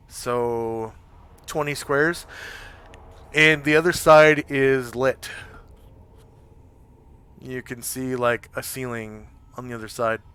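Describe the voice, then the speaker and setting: A man running a tabletop game, describing scenes haltingly with many fillers. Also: medium pitch, sharp tone, clear, resonant tone. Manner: hesitant, full of fillers. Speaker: game master. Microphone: home microphone on a live stream.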